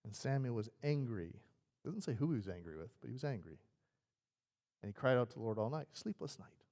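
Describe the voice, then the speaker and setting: A man's voice: mid-range voice, animated, fairly quick, a little mellow. A male pastor preaching a sermon in a conversational, storytelling way. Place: church sanctuary. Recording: reverberant church sanctuary.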